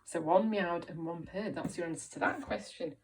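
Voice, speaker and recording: A woman teaching a reading lesson to young children, encouraging and clear, making animal noises along the way. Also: on the low side, moderate pace, slight background noise. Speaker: primary school teacher.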